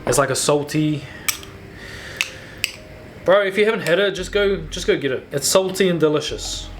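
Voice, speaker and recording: A man's voice: fairly high pitch, normal speed, noisy background. A man talking casually through a home baking video, loose and chatty with slangy asides. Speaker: home cook. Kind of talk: casual cooking vlog.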